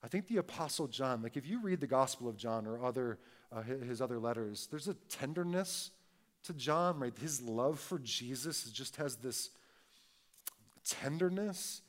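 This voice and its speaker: A man, a pastor, preaching a conversational sermon, punctuating points with tag questions and moving between loud emphatic stresses and quiet, slow reflective passages. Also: mid-range voice, expressive.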